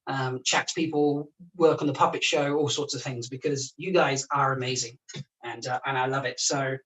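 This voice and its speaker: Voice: medium pitch, fairly even intonation, normal speed, a bit bright. A chef hosting a casual charity livestream from a home kitchen, chatting and laughing while cooking. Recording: voice picked up from a distance.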